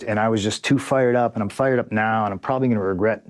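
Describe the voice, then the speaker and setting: A man's voice: fairly low pitch, fairly even intonation, fast talker, hardly any pauses, a little mellow. A man being interviewed as a guest, telling a story in a blunt, profane, frustrated way and acting out the dialogue. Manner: acts out quoted dialogue. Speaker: interview guest, pro wrestler.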